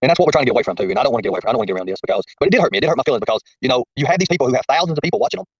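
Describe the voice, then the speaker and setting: Fast-talking, preachy man on a livestream. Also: medium pitch, expressive, husky, no room sound. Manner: folksy, preachy, repeats himself. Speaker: livestream host. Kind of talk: casual livestream chat. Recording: muffled lo-fi stream audio.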